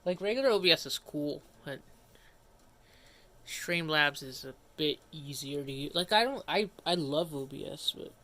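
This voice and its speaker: On a livestream, a man chats casually while he works, rambling along, cutting himself off mid-sentence and grumbling under his breath. His voice sits on the high side, bright and forceful, with lively intonation at a normal speed.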